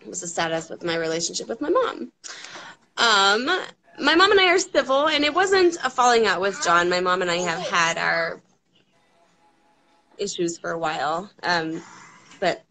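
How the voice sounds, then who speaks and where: A woman chatting as a guest, animated and chatty, sometimes coaxing her toddler in baby talk. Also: on the low side, normal speed, long pauses. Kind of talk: casual live chat.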